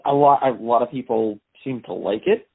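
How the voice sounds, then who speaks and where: A man with a husky, mid-pitched voice talks casually over a phone line, pausing to hunt for words. The call sounds thin and tinny. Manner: laid-back, searching for words. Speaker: podcast guest.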